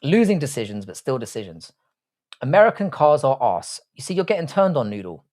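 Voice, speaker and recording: Lively, crude male streamer. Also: medium pitch, fairly quick. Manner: crude, teasing, swears freely. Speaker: livestream host reading chat. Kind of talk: casual live stream banter.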